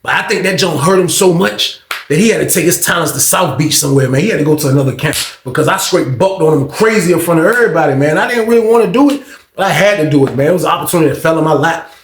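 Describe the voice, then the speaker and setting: A man's voice: a little high, lively intonation, fast talker, slight background noise. A man casually telling stories to his viewers, streetwise and slang-heavy, ending his lines with "man". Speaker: storyteller and channel host. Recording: echoey room.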